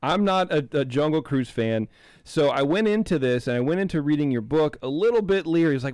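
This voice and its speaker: Rambling podcast host, dry close sound. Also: male voice, fairly high pitch, expressive, fairly quick, a little mellow, smooth, no room sound. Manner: rambling, many restarts and repeated words. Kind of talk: casual interview chat.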